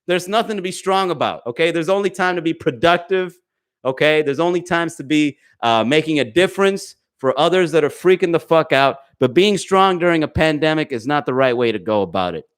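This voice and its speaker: A man hosts a live comedy podcast from home, talking into a desk mic. His voice sits a little high for a man, and he swears freely while calling out chat viewers by name. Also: fairly quick. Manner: profane, animated, talks to chat viewers. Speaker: podcast host. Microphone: desk microphone.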